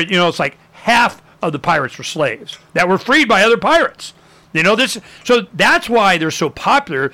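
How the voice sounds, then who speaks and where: A bright, slightly high man tells history in a lively, chatty way. He acts out quotes with gusto and fills his talk with casual asides. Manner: animated storyteller, acts out quotes, many fillers.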